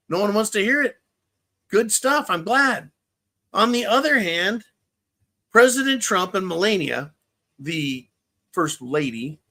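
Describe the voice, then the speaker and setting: Sharp in tone and fairly high in pitch, a male host tears into political topics on his livestream. Curse words pile up as he restates his arguments over and over for emphasis.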